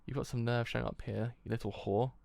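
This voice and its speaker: A gruff middle-aged father snaps with harsh contempt, read out by a man. His gravelly voice sits at a middling pitch. It comes across as a plain comic read-aloud. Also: flat delivery, fast, darkish tone, natural voice. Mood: contemptuous.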